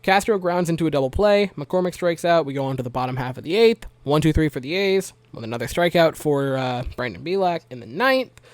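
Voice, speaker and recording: A young man with a slightly higher voice runs through a baseball game in a relaxed, chatty way. He wanders into joking asides and leans on "uh" and "like" as he goes. The sound is close and dry, with no room around it. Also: dry recording. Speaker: baseball recap vlogger. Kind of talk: casual game recap.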